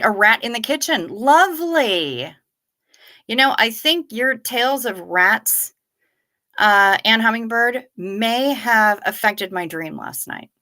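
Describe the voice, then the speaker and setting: Reading out her viewers' comments, this middle-aged livestream host keeps the chat casual and drops in dry, sardonic remarks. She speaks in a mid-range voice that comes across bright and forceful.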